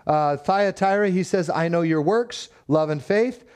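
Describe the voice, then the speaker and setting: A male pastor delivering a sermon with a fairly high voice. He preaches emphatically, repeating key phrases for stress. He puts rhetorical questions to the congregation as he goes. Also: a little slow, a little mellow, clean tone.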